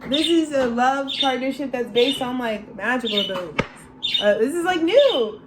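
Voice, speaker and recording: A woman's voice: high voice, lively intonation, normal speed, heavy background noise. A woman giving a casual, channeled tarot reading, slangy and loose, calling listeners bro and laughing often. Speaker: tarot reader.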